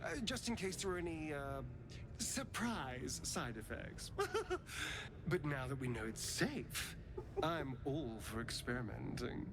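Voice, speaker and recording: A man's voice: on the high side, very animated, takes it slowly, noisy background, full character voice. A male actor playing a sly, flirtatious vampire elf in a video game, with a teasing manner.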